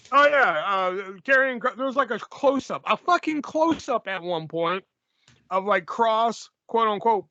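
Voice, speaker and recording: A man's voice: high voice, sharp tone, dry recording, muffled recording. A man co-hosting a podcast in casual chat, sarcastic and profane, often laughing. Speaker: podcast co-host.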